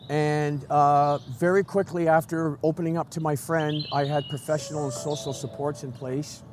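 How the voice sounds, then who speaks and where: A man speaking as a guest, telling a personal story in an earnest, halting way with many restarts, moved and emotional. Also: a little high. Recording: music playing under the voice.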